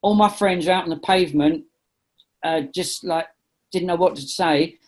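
A middle-aged man, an impressionist, telling a funny story over a video call. He is animated and laughs at his own jokes. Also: fairly high pitch, moderate pace. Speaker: impressionist and comedian guest. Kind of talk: casual anecdote telling.

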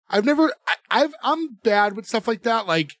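A man's voice: extremely high pitch, big pitch swings, moderate pace, a bit bright, no echo, clean studio sound. A man co-hosting a podcast, recapping a show in rambling casual chat with lots of fillers and restarts. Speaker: podcast co-host.

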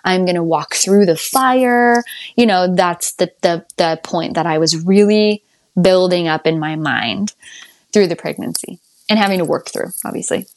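A young adult woman tells her birth story to a podcast host in a casual, chatty way. She laughs often, and her voice leaps up high whenever she quotes herself. The sound is dry, with almost no room in it. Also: measured pace, no echo. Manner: animated, laughs often, jumps up high when quoting herself.

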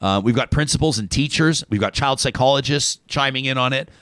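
A man's voice: mid-range voice, brisk, no room sound, clean studio sound. A man, hosting a casual talk show and joking his way through a list of names and stories. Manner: animated, joking, reading lists aloud.

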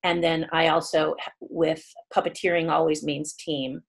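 A middle-aged woman guest telling stories in an interview, leaping up in pitch to act out the people she quotes. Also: unhurried, gravelly, husky. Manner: lively storyteller who jumps high to act out quoted people. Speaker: guest, puppeteer. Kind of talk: animated storytelling interview.

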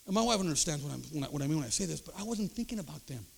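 An older man preaching a sermon, emphatic, checking in with the crowd through quick rhetorical asides. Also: fairly high pitch, animated, creaky, slightly rough. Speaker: pastor.

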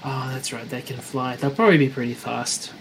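Gentle, hesitant tabletop player. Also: mid-range voice, fairly even intonation, brisk, a little hiss or hum. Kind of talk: casual tabletop play.

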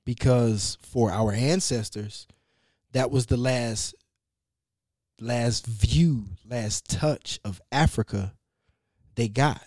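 A man telling a story in a casual conversation, loose and animated, with slang, cursing and frequent restarts. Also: mid-range voice, takes it slowly, long pauses, no room sound, clean studio sound.

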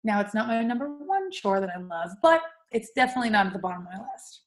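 A young Californian woman co-hosts a podcast, chatting casually in a mid-range, sing-song voice at a fast clip. She laughs a lot and swears freely.

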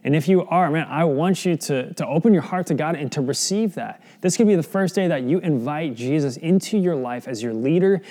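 A man's voice: on the high side, expressive, fairly quick, hardly any pauses, mellow. A young adult man preaching a sermon in an earnest, conversational way, often asking the listeners questions. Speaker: pastor.

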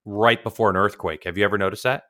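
Fairly low in pitch, steady but sharp in tone and quick in pace, this Californian man co-hosts a racing podcast remotely. He rambles through long stories, teasing as he chats casually.

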